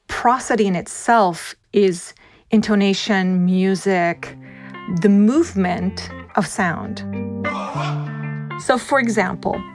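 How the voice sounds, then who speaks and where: A woman from Puerto Rico with a Puerto Rican accent, Spanish her first language, an acting professor answering interview questions in a reflective, musical way. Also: mid-range voice. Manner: musical, demonstrates speech rhythms.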